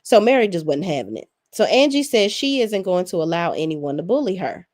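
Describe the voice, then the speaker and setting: A woman's voice: lowish voice, very animated, a little fast, darkish tone, dry recording, clean studio sound. A woman in her forties recapping reality TV in a sassy, profane, blunt way. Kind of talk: casual recap commentary.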